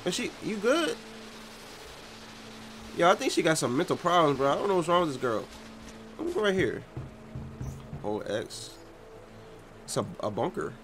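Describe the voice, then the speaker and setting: A young man giving excited gameplay commentary, slangy and bursting into loud yells. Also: a little high, normal speed, long pauses, music in the background. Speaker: gaming YouTuber.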